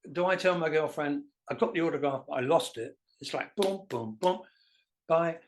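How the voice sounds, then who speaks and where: Animated man telling anecdotes. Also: fairly high pitch, normal speed, a little hiss or hum. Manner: animated anecdotal, self-deprecating. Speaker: guest musician. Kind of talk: casual storytelling interview.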